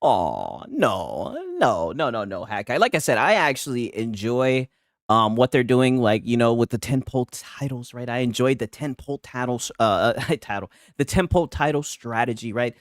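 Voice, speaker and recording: A man's voice: mid-range voice, very animated, normal speed, dry recording, clean studio sound. A man hosting a casual gaming podcast, laughing often, swearing freely and throwing in mocking asides. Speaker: podcast host.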